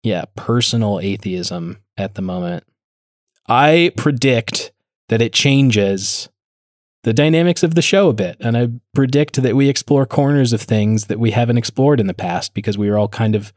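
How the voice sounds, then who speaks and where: A man's voice: mid-range voice, expressive, moderate pace, no echo, clean studio sound. A man co-hosting a podcast in casual chat, candid and self-deprecating, swearing now and then. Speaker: podcast co-host.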